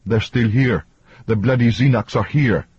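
A husky-voiced man reading an audiobook, voicing a domineering male client who growls and barks orders. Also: medium pitch, moderate pace, dry recording, dull audio, pitched above the performer's own voice. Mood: alarmed. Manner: forceful, growling. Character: Antonio, a domineering male ship's client, angry.

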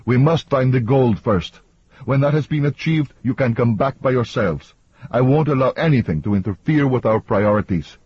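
A husky-voiced man reading an audiobook, voicing a domineering male client who growls and barks orders. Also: medium pitch, moderate pace, dry recording, dull audio, pitched above the performer's own voice. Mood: angry, commanding. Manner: forceful, growling. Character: Antonio, a domineering male ship's client, angry.

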